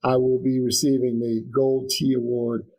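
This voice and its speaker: A man's voice: mid-range voice, little pitch movement, normal speed, vocal fry, dark tone, low-quality recording. Earnest, reflective man in an interview. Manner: earnest, reflective, many restarts and fillers. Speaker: guest. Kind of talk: conversational interview.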